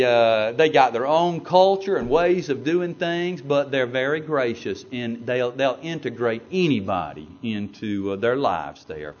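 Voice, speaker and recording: Folksy preacher man, muffled lo-fi sound. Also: on the high side. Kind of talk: reminiscing storytelling. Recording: dull lo-fi recording.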